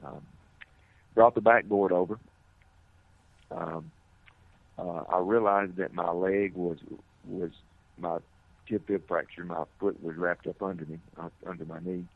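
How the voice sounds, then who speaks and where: Middle-aged male firefighter, very low gravelly voice, earnest and halting. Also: no echo. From United States. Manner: earnest, halting, many restarts. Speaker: firefighter, interview guest. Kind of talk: personal account in an interview. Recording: tinny phone-like audio.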